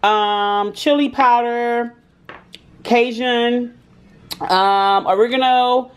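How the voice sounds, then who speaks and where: A woman talking casually to her viewers as she cooks in a home kitchen, chatty and quick to laugh. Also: fairly high pitch, steady tone. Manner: chatty, laughs often, talks straight to viewers. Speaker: cooking vlogger. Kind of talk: casual cooking chat to viewers.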